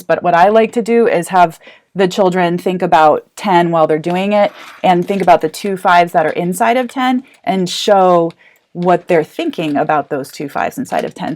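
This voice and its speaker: A woman teacher with a fairly low voice walks parents through a hands-on counting activity. She is chatty and encouraging, and she thinks aloud as she goes. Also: a little mellow. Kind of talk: explaining a math activity to parents.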